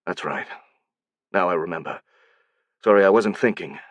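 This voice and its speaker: A man voicing an intense male film director who is emphatic and pleading, speaking in a soft, hushed way. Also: deep voice, normal speed, no room sound, highs cut off. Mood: awestruck.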